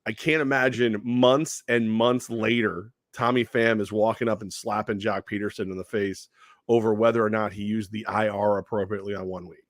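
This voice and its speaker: A man co-hosting a sports radio show in casual chat, animated, laughing often and repeating himself as he builds a point. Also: on the low side, normal speed, no echo, studio quality.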